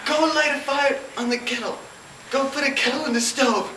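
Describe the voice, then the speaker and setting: A woman's voice: high voice, fairly even intonation, a little fast, pushed and bright, roomy sound, recorded from a distance, a little hiss or hum, poor audio. A woman voicing a headstrong young belle who barks orders imperiously. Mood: bossy. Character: bossy, fiery young Southern belle.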